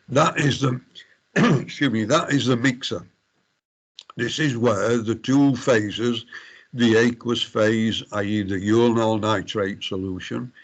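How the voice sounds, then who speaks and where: A middle-aged man giving a university lecture, formal but hesitant, full of fillers and restarts. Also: lowish voice. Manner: addresses students formally as ladies and gentlemen.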